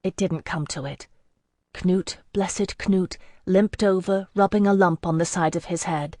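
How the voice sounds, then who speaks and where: Low-voiced woman narrating a novel. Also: no room sound, studio quality. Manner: even, measured first-person narration. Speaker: audiobook narrator. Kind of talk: scripted narration.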